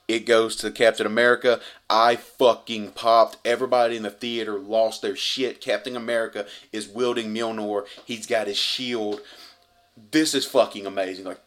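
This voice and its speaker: Excited man gushing through a movie recap. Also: fairly low pitch. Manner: profane, effusive, rambling retelling. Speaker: movie reviewer.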